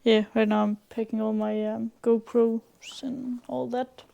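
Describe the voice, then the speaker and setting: A woman's voice: a little high, level tone, measured pace, creaky, mellow, highs cut off. A young woman from Denmark talking casually to camera in a vlog, hesitant with many fillers, sometimes dropping to a half-whisper. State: sick, in bed. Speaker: vlogger.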